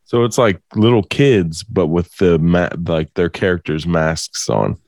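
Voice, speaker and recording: A man's voice: low voice, a little slow, a little mellow, dry recording. A man co-hosting a podcast, mostly giving short reactions and the odd dry joke. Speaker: podcast co-host. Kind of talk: casual podcast chat.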